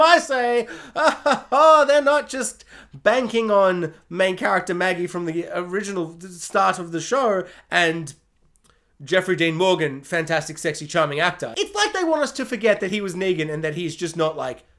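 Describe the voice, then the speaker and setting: A TV reviewer talking sarcastically and laughing often, jumping between high and low pitch. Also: fairly bright tone.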